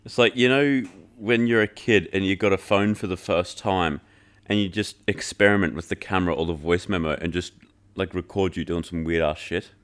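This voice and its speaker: A man with a very low voice hosts a podcast and reviews an album in relaxed chat. He jokes around, swears freely and fills his sentences with "like". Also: moderate pace, smooth. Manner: loose and joking, heavy filler "like", swears freely. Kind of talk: casual chat.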